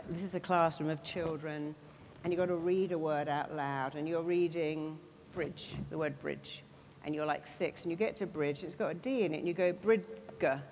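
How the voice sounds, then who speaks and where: A woman giving an animated motivational talk to an audience. She acts out the inner voices she quotes. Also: low voice. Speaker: motivational speaker. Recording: reverberant hall, faint background noise.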